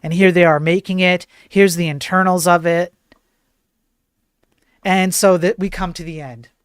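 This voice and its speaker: A man's voice: high-pitched, fairly even intonation, a little slow, clean tone, no echo, studio quality. A man hosting a livestream, commenting casually on videos as he plays them, swearing often, repeating himself and reading on-screen text aloud. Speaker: livestream host.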